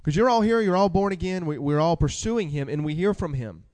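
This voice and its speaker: A man preaching a sermon with animated delivery, asking the congregation questions and reading scripture aloud. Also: a little high, brisk, long reverb tail.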